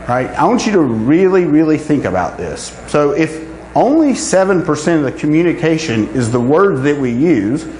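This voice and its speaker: Animated man speaking in an echoey hall. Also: a little high. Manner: animated, asks "right?" often. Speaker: conference speaker. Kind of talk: live talk to an audience. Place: conference room with audience. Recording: echoey room with faint hum.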